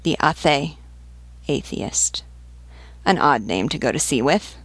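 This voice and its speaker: A woman's voice: low-pitched, expressive, takes it slowly, slightly rough, dry recording, full character voice. A woman reading as a matter-of-fact ship's pilot. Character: knowledgeable male ship's pilot.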